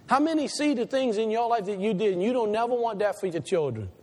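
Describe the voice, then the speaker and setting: A man preaching a sermon as pastor, swinging from loud emphatic peaks to quiet asides. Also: sits high, lively intonation, fast talker. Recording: long hall reverb.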